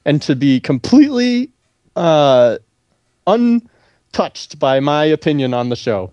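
A man telling a long, animated story on a podcast, swearing freely and acting out what others said along the way. His voice sits fairly high and comes through dry and close to the mic. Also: unhurried, no room sound. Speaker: podcast co-host. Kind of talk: casual storytelling chat.

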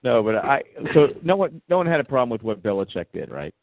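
A man's voice: mid-range voice, big pitch swings, quick pace, no room sound. A man hosts a casual sports talk show and rambles through his points with plenty of restarts. His voice comes across a dry, tinny, phone-like line. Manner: rambling, many restarts and fillers. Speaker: podcast host.

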